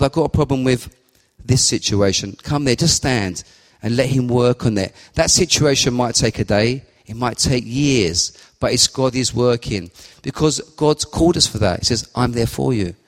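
A middle-aged man giving an informal, rambling sermon, acting out his prayers aloud. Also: medium pitch. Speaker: preacher. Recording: long hall reverb.

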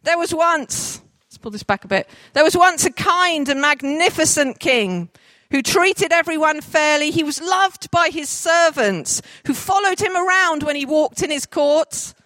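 A woman telling a story to a group, directing volunteers as they act it out, with lively, jokey asides. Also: high-pitched, measured pace, no room sound. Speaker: children's storyteller.

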